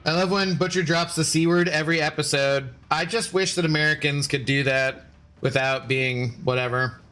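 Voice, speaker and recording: Bright-voiced man streaming games. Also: on the high side, fairly even intonation, normal speed. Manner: sarcastic banter, reading chat aloud. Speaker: game streamer. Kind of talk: casual live-stream chat. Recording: faint background music.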